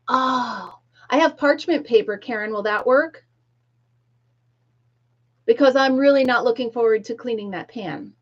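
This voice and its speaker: A middle-aged woman chatting casually to viewers on a livestream, telling stories and laughing often. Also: mid-range voice. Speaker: livestream host. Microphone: laptop mic. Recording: dull lo-fi laptop audio.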